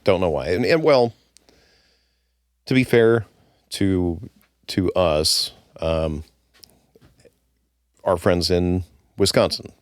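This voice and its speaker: Deep-voiced man, relaxed and halting. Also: no room sound, clean studio sound. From United States. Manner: relaxed, halting with restarts and laughs. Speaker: guest, former brewery owner. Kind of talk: casual interview conversation.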